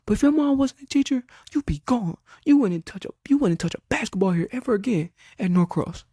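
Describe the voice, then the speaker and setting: A man playing a furious yelling basketball coach. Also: sits high, animated, a little fast, husky, dry recording, studio quality, voice pushed up. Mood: berating. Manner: berating, shouting.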